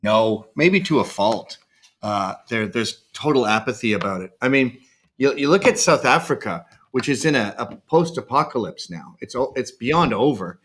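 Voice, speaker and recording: A man's voice: mid-range voice, lively intonation, normal speed, fairly bright tone, breathy edge. A Canadian man speaking as a podcast guest on a remote call, blunt, provocative and joking in casual conversation.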